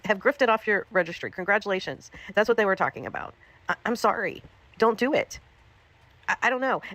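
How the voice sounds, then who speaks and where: A woman's voice: medium pitch, fairly bright tone, no echo. A woman livestreamer scolding someone in a profane, repetitive, angry rant.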